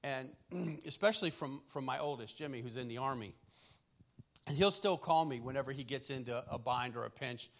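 A middle-aged man preaching a relaxed, conversational sermon, telling family stories with chuckles and frequent restarts. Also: mid-range voice, normal speed, creaky.

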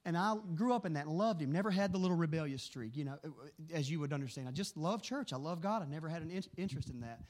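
A middle-aged man preaching a sermon, telling animated stories in a quick, excitable way. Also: fairly high pitch. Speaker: pastor.

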